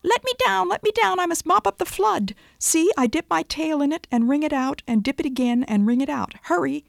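A woman voicing a tiny male chipmunk, pleading in a squeaky, breathless hurry in a storybook tale. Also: brisk, vocal fry, dry recording. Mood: frantic.

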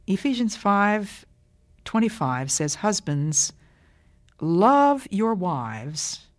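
An older woman giving a scripted radio Bible talk in a measured, emphatic way. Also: sits low, dry recording. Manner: measured, deliberate, emphatic delivery.

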